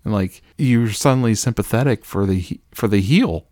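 Deep male podcast co-host, wry and rambling, dry close mic. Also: normal speed, darkish tone, dry recording. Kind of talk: casual chat about wrestling.

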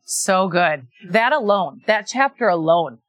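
A woman's voice: mid-range voice, animated, a little slow, fairly bright tone, no echo. A woman interviewing a guest in casual conversation, affirming him with many short agreements.

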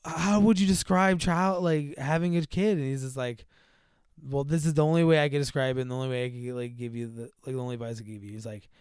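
A man's voice: mid-range voice, fairly even intonation, fast talker, a little mellow, clean tone, no room sound, studio quality. A man in casual chat, retelling a movie in a rambling way, full of fillers and acted-out lines in a raised voice. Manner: rambling, filler-heavy, acts out characters in a raised voice.

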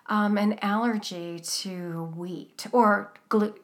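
A woman's voice: mid-range voice, steady tone, takes it slowly. A woman co-hosting a podcast, chatting casually and recapping a TV cooking show, with many fillers and restarts. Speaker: podcast co-host.

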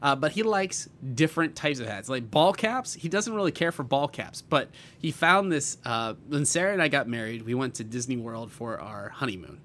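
A man co-hosting a podcast, telling a rambling story in casual chat with lots of fillers and getting loud when excited. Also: mid-range voice, normal speed, hardly any pauses. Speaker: podcast co-host.

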